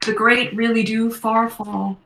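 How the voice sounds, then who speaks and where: A woman game master narrating a tabletop game in a measured, descriptive way. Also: on the high side, flat delivery, fairly bright tone, echoey room, distant mic, rough recording.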